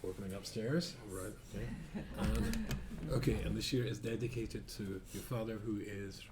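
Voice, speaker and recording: Rambling rabbi telling a story. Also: male voice, on the low side, animated, normal speed, vocal fry, background noise. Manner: rambling, self-correcting storyteller with dry asides. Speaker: rabbi teaching a class. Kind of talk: informal Torah class.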